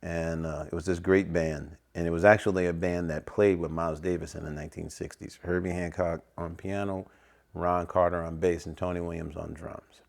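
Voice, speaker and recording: A middle-aged man, a jazz saxophonist, telling anecdotes in a relaxed interview and acting out the lines of people he quotes. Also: low-pitched, moderate pace, gravelly. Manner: acts out other people's lines in quoted voices.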